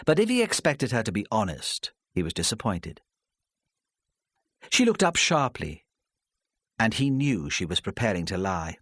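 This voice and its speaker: Expressive male audiobook narrator. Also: lowish voice, unhurried, pauses often, no echo, clean studio sound.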